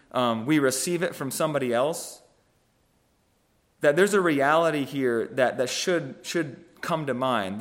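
A man giving a conversational sermon on a scripture passage, thoughtful and halting, often restarting phrases and checking in with "right?". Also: medium pitch. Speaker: preacher.

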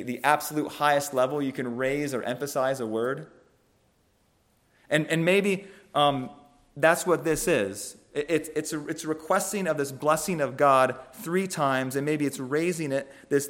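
A man giving a conversational sermon on a scripture passage, thoughtful and halting, often restarting phrases and checking in with "right?". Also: mid-range voice. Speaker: preacher.

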